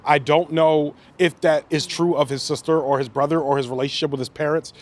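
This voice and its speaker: A man's voice: fairly high pitch, a little fast. Casual man hosting a movie podcast. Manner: relaxed, rambling, lots of "like" and restarts. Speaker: podcast host. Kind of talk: casual movie review chat.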